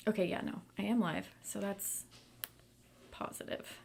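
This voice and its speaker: A woman's voice: mid-range voice, steady tone, unhurried, gravelly, husky. A woman hosting a book club livestream, chatting casually and reading viewer comments aloud with lots of fillers.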